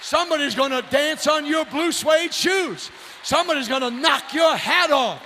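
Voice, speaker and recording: A man preaching a fiery revival sermon, shouting and whooping in a folksy, rousing way. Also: extremely high pitch, normal speed, some chatter behind, a little hiss or hum. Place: church sanctuary.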